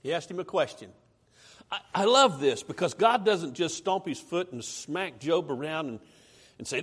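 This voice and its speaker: A preacher man with a drawl, talking to his congregation in a loose, conversational sermon. His voice sits high and swings widely up and down as he drives his points home. He reads scripture aloud with mounting emphasis. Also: big pitch swings, moderate pace, fairly bright tone, slightly rough.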